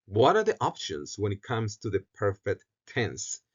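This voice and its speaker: A man teaching a Bible lesson on Greek syntax, talking haltingly, often restarting phrases and repeating words for stress. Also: fairly low pitch, wildly swooping pitch, husky, lo-fi sound. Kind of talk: recorded Greek syntax lecture.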